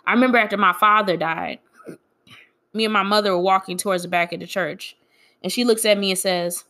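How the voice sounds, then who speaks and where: Young woman, bright voice, grieving, candid personal vlog storytelling. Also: mid-range voice, fairly even intonation, fairly quick. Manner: candid, frank, quietly aggrieved.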